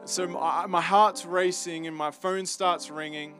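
Man, Australian accent, slightly high voice, earnest emotional testimony, halting restarts, faint music underneath. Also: steady tone, fairly bright tone. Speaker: campus ministry speaker. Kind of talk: personal testimony sermon.

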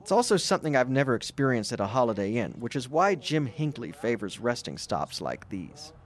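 A man's voice: mid-range voice, big pitch swings, a little fast. A man narrating a travel documentary in a scripted, reflective way.

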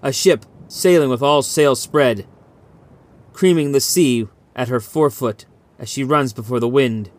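Guy reading a spooky sea story aloud, steady, vivid, mid-pitched voice. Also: unhurried. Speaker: audiobook reader.

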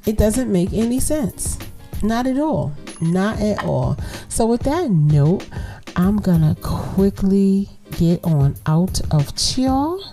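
A woman's voice: medium pitch, slow pace, faint music behind. A woman hosting a casual solo podcast, telling a story bluntly and with plenty of cursing, speaking straight to her listeners. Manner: blunt, profane, animated storytelling; talks straight to listeners as y'all. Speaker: podcast host.

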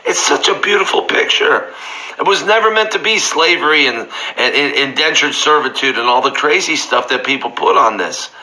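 A man's voice: a little high, animated, normal speed, sharp tone, low-quality recording. A middle-aged man preaching a sermon earnestly, often restarting his phrases and lifting his voice when he is moved. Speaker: pastor. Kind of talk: sermon teaching.

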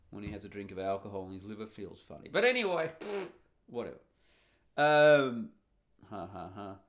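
Blunt, profane man. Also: lowish voice. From Australia. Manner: blunt, profane, sarcastic, rambling. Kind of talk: casual opinionated monologue.

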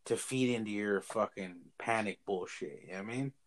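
A man's voice: on the low side, a little fast. A young man co-hosting a podcast, ranting in a casual, profane chat. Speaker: podcast co-host.

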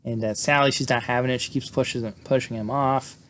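A man's voice: medium pitch, fairly even intonation, fairly quick, fairly bright tone, a little hiss or hum. A man giving a loose, profane, filler-heavy recap of a horror film, like a podcast host. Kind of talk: casual movie recap.

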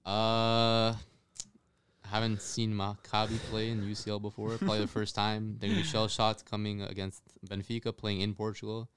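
A man's voice: on the low side, monotone, normal speed, fairly bright tone, clear, resonant tone, dry recording. A man hosting a casual football prediction podcast, reading out the fixtures and giving his picks. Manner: runs the segment, reads out fixtures. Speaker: podcast host. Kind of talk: casual sports prediction chat.

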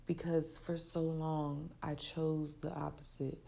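Raspy, low-voiced woman podcast host. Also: flat delivery, takes it slowly. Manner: soft, reflective and heartfelt, with frequent laughs. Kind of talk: casual solo podcast talk. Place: open, spacious area away from her usual recording spot.

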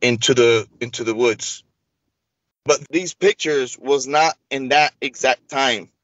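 A man on an interview speaks at a slow pace in a mid-range voice, telling the host a long personal story in everyday speech. He animatedly acts out the quoted dialogue, and the lo-fi sound has no echo.

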